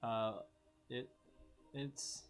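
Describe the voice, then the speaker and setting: A man takes his turn in a tabletop game and thinks aloud as he goes, pausing on fillers. His pitch is average for a man, and faint music sits behind his voice. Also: fairly even intonation. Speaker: player. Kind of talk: casual tabletop play.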